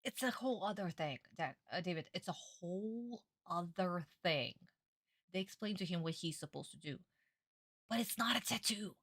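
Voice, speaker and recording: A woman streaming a casual reaction, excitable and rambling, swearing freely. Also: on the low side, moderate pace, no echo, studio quality.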